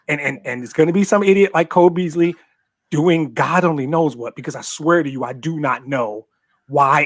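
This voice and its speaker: A man's voice: fairly high pitch, no echo. Blunt, indignant man on sports talk. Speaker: co-host.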